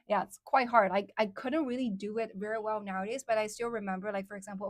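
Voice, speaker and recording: A woman's voice: mid-range voice, moderate pace, no echo, clean studio sound. A woman whose first language is Chinese, hosting a casual livestream and chatting with viewers, with lots of "like" and "um" fillers. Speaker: livestream host.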